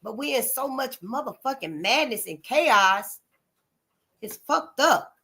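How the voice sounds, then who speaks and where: A woman with a somewhat high, sharp voice speaks slowly but animatedly on her own channel. Addressing listeners directly in a blunt, emphatic monologue, she cusses freely and repeats points to hammer them home.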